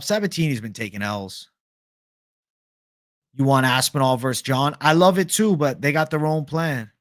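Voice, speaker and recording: A man's voice: mid-range voice, no echo, clean studio sound. A young man hosting a casual livestream, reading viewer questions aloud in a laid-back, profane bro manner. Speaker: livestream host.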